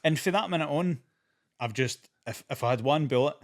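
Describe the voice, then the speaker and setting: A man's voice: fairly high pitch, brisk. A comedian in his thirties, a podcast guest trading blunt, dry anecdotes in casual comedic chat.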